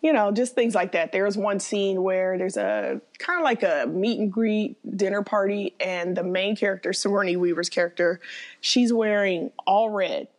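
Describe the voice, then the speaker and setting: A woman chatting in a relaxed, casual way. She tells her stories with animation and swoops high when she quotes other people. Her voice sits at an ordinary middle pitch. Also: normal speed. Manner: animated storyteller, acts out quoted voices with big pitch jumps. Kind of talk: casual chat.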